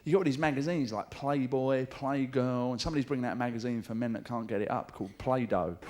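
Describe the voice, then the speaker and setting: A man with a London accent doing a live stand-up routine in a theatre, cheeky and full of swearing, often shouting out mimicked voices. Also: mid-range voice, fairly even intonation, quick pace. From England. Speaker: stand-up comedian. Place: large theatre stage with audience. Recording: theatre show taped with audience noise.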